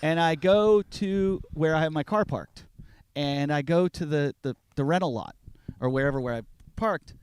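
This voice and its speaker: A man's voice: on the high side, normal speed, clear, resonant tone, no room sound. A man on a podcast casually telling a long story, acting out what he and others said. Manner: animated storyteller acting out both sides of a conversation. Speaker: podcast co-host.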